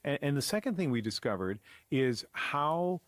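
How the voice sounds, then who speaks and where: A man's voice: a little high, sing-song, normal speed, dry recording. A man explaining survey results in an interview, his hesitant speech full of repeated words and restarts. The recording is dry and close, with no room sound around him. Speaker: interviewee discussing survey findings.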